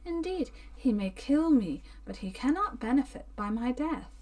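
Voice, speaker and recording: A woman's voice: high-pitched, very animated, moderate pace, a little mellow. A woman reader voicing a terrified captive woman who pleads in breathless, whispered cries. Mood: defiant.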